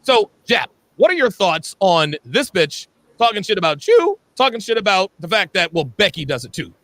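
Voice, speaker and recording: A man's voice: sits high, sing-song, normal speed, bright, forceful tone, dry recording. A man hosting a livestream panel, blunt and emphatic, calling on panelists by name. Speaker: livestream host.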